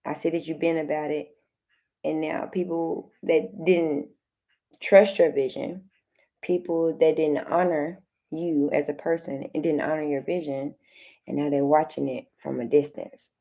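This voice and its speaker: A young woman talks through a tarot spread with her audience in a low, gravelly voice. She is loose and direct, full of slang and repeated phrases. Her lines restart often and speak right to the viewer. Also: fairly even intonation, unhurried, warm tone, highs cut off. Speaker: tarot card reader. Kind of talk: casual tarot reading addressed to viewers.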